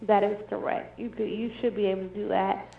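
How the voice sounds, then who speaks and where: A woman's voice: medium pitch, level tone, brisk, gravelly. A woman working as a cruise booking agent, polite and businesslike on a customer service call. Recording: tinny echoey phone line.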